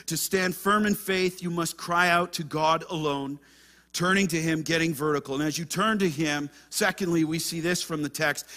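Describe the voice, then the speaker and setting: A man preaching a sermon as pastor, moving between hushed asides and fervent, raised passages. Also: a little high. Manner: impassioned preaching, swings between hushed and loud.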